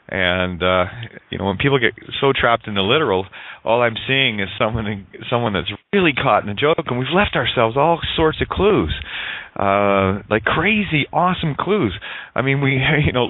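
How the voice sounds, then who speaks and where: A man's voice: medium pitch, dry recording. Rambling man hosting over a phone line. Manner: rambling, laughs often, repeats himself. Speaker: radio show host. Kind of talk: casual talk radio chat. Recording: dry tinny phone line.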